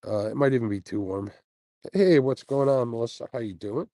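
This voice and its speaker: Laid-back man on a mellow stream. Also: medium pitch, fairly quick, dry recording, rough recording. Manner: laid-back, chatty, with frequent fillers and little laughs. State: sleepy, yawning after a night without sleep. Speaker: host of a fishing channel, livestreaming. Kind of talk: casual livestream chat, reading viewer comments. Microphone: earbuds mic on a phone stream.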